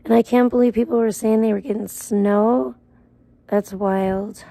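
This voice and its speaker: A woman's voice: on the high side, steady tone, a little slow, vocal fry, dark tone. A woman live streamer in casual chat, rambling and ranting with plenty of swearing.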